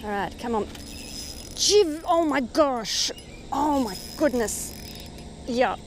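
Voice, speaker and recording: A woman with an Australian accent chatting casually as she fishes, talking to the fish and getting very excited over a catch. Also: high-pitched, slow, a little hiss or hum. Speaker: fishing vlogger. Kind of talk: casual running commentary while fishing. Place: outdoors by the water in the rain.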